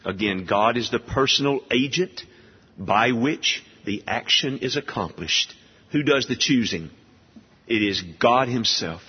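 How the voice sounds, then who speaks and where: A man preaching in a slow, deliberate way, his pitch rising and falling widely as he presses rhetorical questions. His slightly husky voice carries a long hall reverb, and the audio is dull and lo-fi. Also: expressive. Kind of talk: expository sermon.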